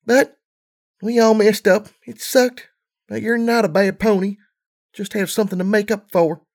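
A man voicing a young filly pony, earnest and blunt, with a high girlish voice and folksy slang in a storybook reading. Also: normal speed.

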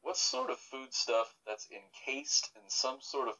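Male host, animated pitch, casual question-and-answer chat. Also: a little slow, rough recording. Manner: reads questions with playful asides.

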